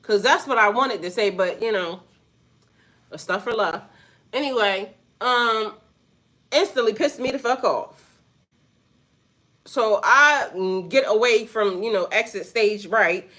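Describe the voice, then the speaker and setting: A woman's voice: medium pitch, unhurried, long pauses, fairly bright tone. A woman with a mid-range voice tells a story in a casual vlog. She is blunt and profane. She keeps breaking off to speak straight to her viewers. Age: adult with a son. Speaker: spiritual vlogger.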